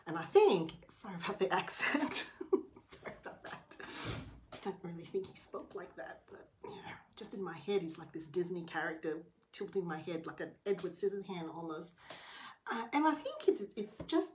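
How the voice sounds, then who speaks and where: A middle-aged woman chatting to camera as she tells a personal story, animated, with quick hushed asides. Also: on the low side, slight background noise. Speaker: vlogger.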